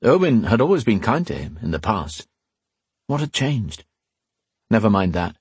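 A man reading a fantasy novel aloud as an audiobook narrator, with a husky voice, voicing the dialogue with small shifts in pitch. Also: animated, moderate pace, dry recording.

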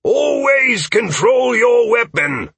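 A man voicing a stern, gruff male knight who drills militia and barks commands. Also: extremely high pitch, big pitch swings, slow pace, fairly bright tone, dry recording, voice pushed up, exaggerated voice. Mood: barking orders. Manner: barking commands. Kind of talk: audiobook narration.

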